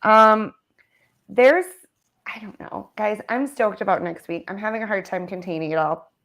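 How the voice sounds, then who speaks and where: A woman's voice: mid-range voice, normal speed, a bit bright. A woman hosting a livestream show in casual, upbeat chat, often laughing. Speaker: show host.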